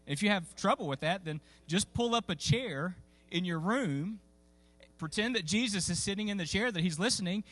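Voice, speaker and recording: Folksy pastor telling a story. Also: male voice, sits high, lively intonation, normal speed, fairly bright tone, no echo. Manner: folksy, conversational, with frequent fillers and restarts. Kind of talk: sermon storytelling. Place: church sanctuary.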